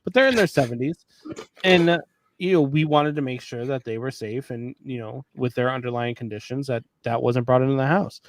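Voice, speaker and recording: A man's voice: medium pitch, a little fast, no echo. A man with a mid-range voice hosts a sports talk show, chatting casually and steering the talk through the day's headlines. The recording is close and dry, with no room sound. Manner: conversational, moves the talk along with headlines. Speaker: host.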